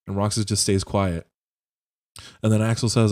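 A man's voice: fairly low pitch, steady tone, moderate pace, pauses often, a little mellow, dry recording, clean studio sound. Young man retelling a game plot. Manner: rambling retelling of a game plot, swearing, many fillers. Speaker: podcast co-host. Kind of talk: casual chat. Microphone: home mic on a voice call.

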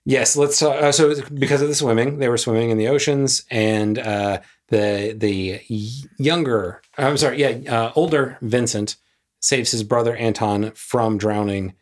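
A man co-hosting a podcast in casual chat, joking and rambling with quick asides. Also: medium pitch. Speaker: podcast co-host.

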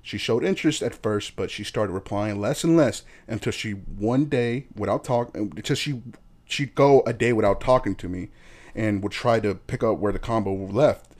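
A man's voice: on the low side, normal speed, darkish tone. A man co-hosting a podcast, joking around in crude casual banter and laughing often. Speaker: podcast co-host.

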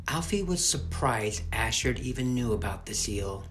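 A man narrating a children's fantasy novel as an audiobook, expressive and measured. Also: medium pitch. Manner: expressive, slow storytelling. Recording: soft music underneath.

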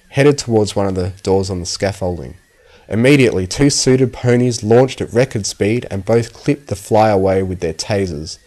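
A man narrating a fan story aloud with a steady, scripted storytelling read. His voice sits low for a man. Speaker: audiobook narrator.

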